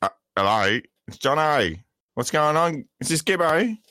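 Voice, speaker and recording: A man's voice: fairly high pitch, sing-song, a little slow, pushed and bright, a little hiss or hum, pitched above the performer's own voice, full character voice. A man voicing a crude, joking Aussie bloke calling in from Tasmania, with a put-on Australian accent that slips, in a comic podcast bit.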